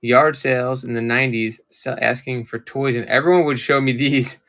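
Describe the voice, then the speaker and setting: A man's voice: medium pitch, steady tone, moderate pace, bright, forceful tone. Chatty man selling cards live. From Maryland. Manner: chatty, distracted, talks to viewers while sorting items. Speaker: live-stream auction seller.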